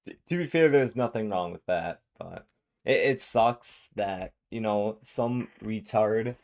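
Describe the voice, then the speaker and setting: A man's voice: lowish voice, unhurried, vocal fry, darkish tone. A man giving casual reaction commentary, rambling with frequent fillers and restarts.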